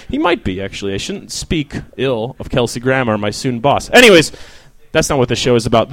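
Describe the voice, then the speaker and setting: A young man doing a stand-up set, his voice bouncing all over with lots of pitch movement. He rambles, puts himself down, and swears as he banters with the crowd, though he says he's feeling sick. The sound is close and dry. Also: dry recording. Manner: rambling, self-deprecating, swears, riffs with the crowd. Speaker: stand-up comedian.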